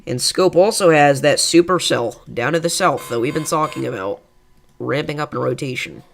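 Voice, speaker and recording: A man hosting live severe weather coverage, calmly reassuring viewers and thinking aloud with fillers as he reads radar. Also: on the high side, normal speed, gravelly. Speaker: weather livestream host.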